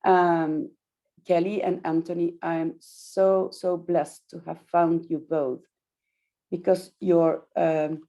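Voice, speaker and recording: A woman interviewer asks gentle questions at a slow, measured pace. Her voice is mellow and gravelly. The recording sounds dull and lo-fi. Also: lowish voice, little pitch movement.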